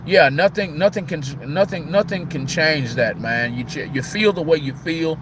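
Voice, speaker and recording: A man's voice: a little high, moderate pace, noisy background. A heartbroken man on the verge of tears, talking casually on a live stream and repeating "man" and "y'all". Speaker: livestream host.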